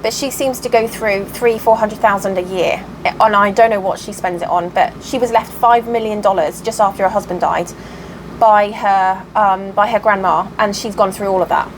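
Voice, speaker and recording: A woman's voice: medium pitch, fairly even intonation, moderate pace, a little hiss or hum, low-quality recording. A woman vlogger at home telling a long story in a chatty, rambling way, full of fillers and restarts. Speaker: cross stitch vlogger. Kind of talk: casual storytelling vlog. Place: at home by an open window.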